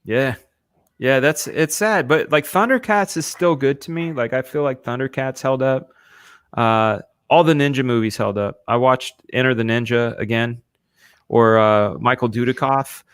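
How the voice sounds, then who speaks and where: Co-host: man, smooth clear voice, dry close sound, animated rambling chat. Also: medium pitch, normal speed, no room sound. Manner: rambling, animated, full of "you know". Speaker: co-host and storyboard artist. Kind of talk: casual chat on a stream.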